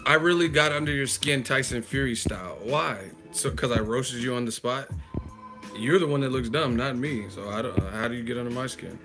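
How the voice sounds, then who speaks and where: A man's voice: mid-range voice, a little fast, over music. A man hosting a live chat stream, roasting a viewer in a profane, mocking, laughing way. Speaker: livestream host.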